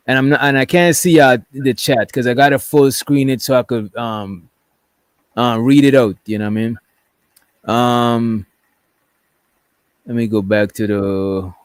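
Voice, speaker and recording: A man with a medium-pitched voice, recorded with no echo, reads text messages out loud in a rambling style on his casual livestream. As a commentary streamer, he keeps checking in with "right?".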